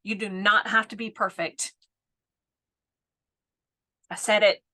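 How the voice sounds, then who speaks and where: A woman's voice: medium pitch, little pitch movement, slow pace, pushed and bright. A woman in her fifties giving a casual live coaching talk, laughing often and tagging her points with "right?". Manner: chatty, laughs often, keeps asking "right?". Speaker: business coach.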